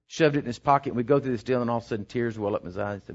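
A man's voice: mid-range voice, very fast. A middle-aged man, a pastor telling a rambling story in his sermon that builds into emphatic preaching. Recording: dull lo-fi sermon recording.

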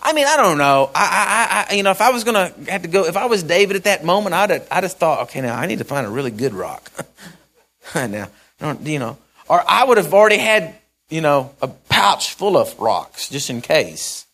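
A man preaching a sermon in a folksy storytelling way, acting out the characters and repeating phrases, swinging from loud to soft. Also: high voice, very animated, normal speed.

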